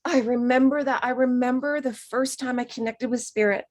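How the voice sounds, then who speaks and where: A woman teaching a spiritual course in a chatty, expressive way, acting out quoted voices and sometimes dropping to a whisper. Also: high-pitched, normal speed.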